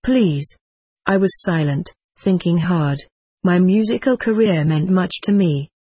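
A woman narrating an audiobook memoir in a measured, steady storytelling manner. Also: fairly low pitch, slightly rough.

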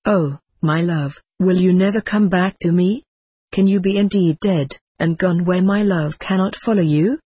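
A woman voicing a tender, devoted young woman, speaking in a soft, gentle murmur in a read-aloud story. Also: on the low side, a little slow, breathy edge, no echo. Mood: grieving. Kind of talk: audiobook character voice.

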